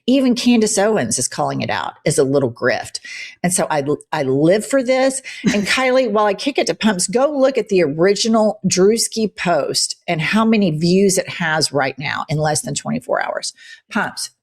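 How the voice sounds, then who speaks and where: Woman, low-pitched voice, heated political commentary, blunt, profane, emphatic host. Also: expressive, normal speed.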